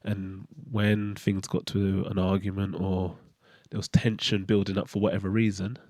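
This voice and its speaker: A man hosting his own channel, talking through a candid personal monologue in a halting way, often restarting as he searches for words. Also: low voice, level tone, a little mellow, no echo, studio quality. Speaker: channel host.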